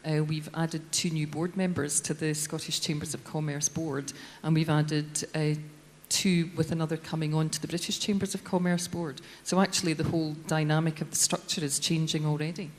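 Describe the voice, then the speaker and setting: Low-voiced woman on a debate panel. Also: little pitch movement, moderate pace, hardly any pauses. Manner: assured with frequent hesitations. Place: large hall. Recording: long hall reverb.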